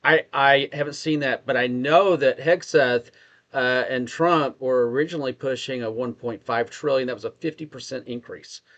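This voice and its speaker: A man's voice: mid-range voice, moderate pace, fairly bright tone. Texan man, muffled lo-fi sound. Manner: thinks aloud, restarts sentences, asks questions. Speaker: podcast co-host. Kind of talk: casual political discussion.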